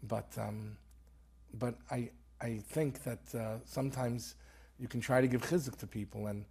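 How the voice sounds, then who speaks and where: A man's voice: mid-range voice, fairly even intonation, measured pace, vocal fry, a little mellow, husky. A man, an author and rabbi, telling a story earnestly in conversation and peppering it with Hebrew terms. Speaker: author guest.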